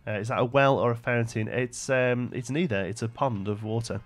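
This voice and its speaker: A man's voice: medium pitch, normal speed. A young man live-streaming a building game, thinking aloud and chatting with viewers between frequent fillers. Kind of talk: casual live-stream commentary.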